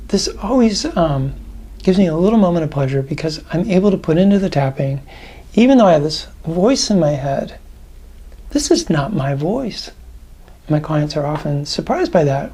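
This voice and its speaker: Mellow, husky-voiced male coach. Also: fairly high pitch, animated. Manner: conversational and reflective, with thoughtful pauses. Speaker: tapping practitioner and coach. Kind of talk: advice talk to camera.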